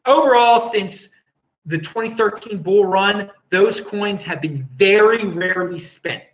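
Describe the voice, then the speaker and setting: A man with a high-sitting, slightly bright voice speaks at a measured pace, recorded roughly in a roomy space. He hosts a casual livestream, reading viewer comments and rambling, chuckling often and cutting himself off mid-sentence.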